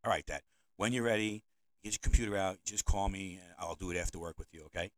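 A man's voice: low-pitched, fast, no echo, pitched below the performer's own voice, lightly acted. A man voicing his exasperated adult daughter, who sighs and speaks patronizingly as she agrees to help her dad.

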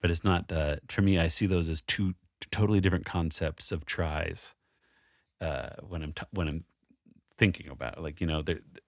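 A man's voice: low voice, moderate pace, dry recording, clean studio sound. A man co-hosting a casual chat about a word puzzle, thinking aloud and restarting his sentences often. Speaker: co-host solving a word puzzle.

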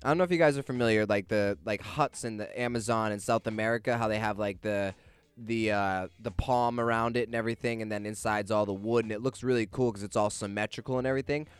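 A young man casually telling a personal story out loud, animated, swearing freely and laughing as he goes. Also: lowish voice, quick pace, smooth, no echo.

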